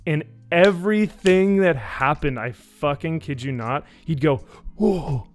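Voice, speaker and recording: A man in a casual live-stream review, talking in a sarcastic, animated way with many fillers. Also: a little slow. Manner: animated, sarcastic, many fillers, mimics people with high voices. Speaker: YouTube reviewer.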